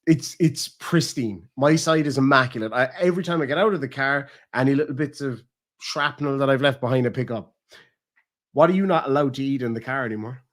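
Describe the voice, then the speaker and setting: A young man rambles through stories in a relaxed chat with his partner. He swears freely and acts out what people said. His voice sits at an ordinary pitch. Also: a little fast. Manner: swearing, rambling storytelling with acted quotes. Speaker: streamer host.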